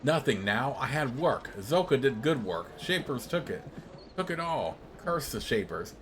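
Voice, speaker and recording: A drunk and angry male blacksmith, bitter and poor, grumbling in short broken sentences, as a man reads him out. He sounds like a worn-down worker in a fantasy game. The voice stays at an everyday middle pitch. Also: very animated, measured pace, a little hiss or hum.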